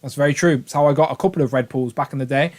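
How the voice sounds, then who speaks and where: A man's voice: medium pitch, rapid-fire, a little mellow. A British man hosting a casual live stream, rambling with enthusiasm and reading out viewers' names. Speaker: livestream host.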